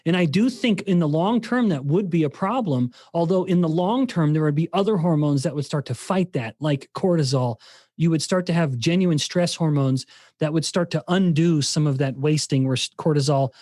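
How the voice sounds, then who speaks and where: A male scientist appearing as a guest on a podcast interview explains his ideas, thinking aloud and frequently restarting his sentences. His voice is fairly high and mellow at a moderate pace, recorded with studio quality and no room sound.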